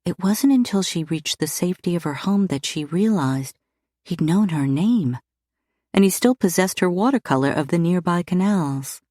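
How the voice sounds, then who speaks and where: A woman narrating a romance audiobook in a measured, even reading style. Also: fairly low pitch, no echo, clean studio sound. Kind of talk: scripted narration.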